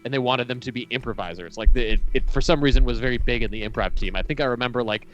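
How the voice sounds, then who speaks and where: A man's voice: mid-range voice, racing, highs cut off, soft background music. A man co-hosting a call-in talk show, talking casually and hesitantly with many fillers. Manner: hesitant, lots of "uh" and "like". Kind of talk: casual chat over a video call.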